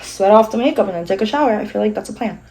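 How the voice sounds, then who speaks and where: A woman's voice: mid-range voice, lively intonation, rapid-fire, dark tone, poor audio. A young woman chatting casually as she does her makeup at home, candid and self-mocking, swearing freely and sounding a little stuffy from a coming cold. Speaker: beauty vlogger. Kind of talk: casual get-ready-with-me chat. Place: her living room.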